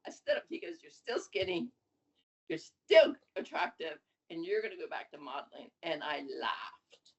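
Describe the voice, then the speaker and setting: A woman in her seventies, a guest on an interview podcast, telling her story in a lively, animated way. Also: on the low side, normal speed. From USA. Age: 70s. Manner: lively, animated storytelling with laughs and acted quotes. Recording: dull lo-fi audio.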